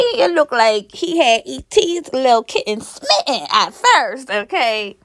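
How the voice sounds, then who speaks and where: A woman's voice: a little high, no room sound, studio quality. A young woman from Pennsylvania recapping a reality show in a sassy, gossipy, casual way, laughing often.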